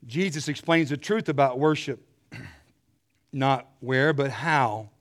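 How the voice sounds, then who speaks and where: A middle-aged man preaching a sermon, telling stories with animated energy and clearing his throat often. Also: mid-range voice, takes it slowly.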